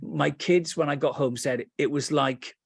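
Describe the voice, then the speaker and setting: British man, meditation teacher, slightly rough voice, dry sound, playful stories, calm guiding. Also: on the high side, no room sound. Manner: lively storytelling, playful asides; slows and softens into calm guidance.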